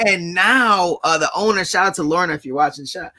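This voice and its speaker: A man chatting casually as co-host of a live show, slangy and halting, full of "dude" and "bro". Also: high voice, pushed and bright. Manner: halting, lots of restarts. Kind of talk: casual chat.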